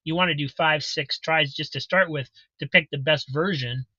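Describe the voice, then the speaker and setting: A man talks at length over a video call, circling back and repeating himself. His voice sits a bit high and sounds very bright. The audio is dry and a little muffled. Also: normal speed, no room sound. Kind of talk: casual chat on a video call.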